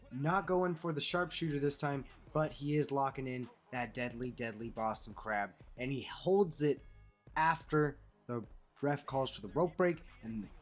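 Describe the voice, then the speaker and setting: A man giving casual, animated play-by-play commentary over a wrestling video game he is playing, calling players "brother". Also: mid-range voice. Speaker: gaming commentator.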